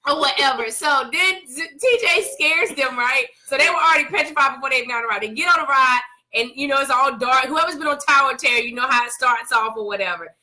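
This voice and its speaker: A woman co-hosting a couples talk show, chatting casually in a lively storytelling way, repeating words as she goes. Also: high voice, fast, hardly any pauses. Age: adult parent. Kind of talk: casual chat.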